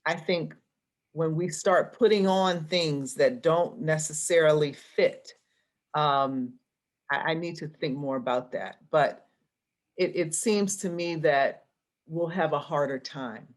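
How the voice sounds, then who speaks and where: A woman's voice: sits low, takes it slowly. A woman guest in an interview, an arts association president, speaking reflectively and thinking aloud with restarts. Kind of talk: conversational interview.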